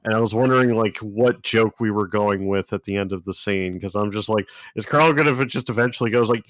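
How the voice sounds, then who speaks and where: A man's voice: lowish voice, brisk, hardly any pauses, fairly bright tone, no echo. A man co-hosting a casual book podcast, joking crudely and swearing freely. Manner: crude, joking, laughs at his own lines. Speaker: podcast co-host. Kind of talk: casual book-club chat.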